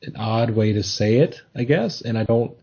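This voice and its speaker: A man hosts a casual podcast chat in a slightly low, mellow voice with a breathy edge. He talks in a thoughtful, hesitant way, often restarting his sentences. The sound is a little dull and lo-fi. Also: animated, moderate pace. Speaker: podcast host.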